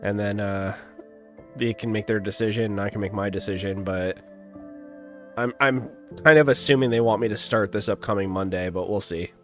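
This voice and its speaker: A man's voice: fairly low pitch, moderate pace, soft background music. A young man with a stuffy nose, chatting casually as a gaming livestream host. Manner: relaxed and rambling, chuckles often.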